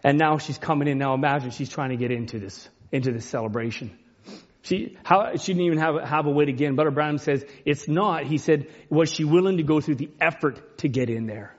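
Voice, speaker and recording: A man preaching an emotional sermon, retelling a story with passion, dropping to hushed tones and rising to cries. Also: on the high side, fairly quick. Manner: impassioned, swings between hushed and rising cries. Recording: dull lo-fi recording.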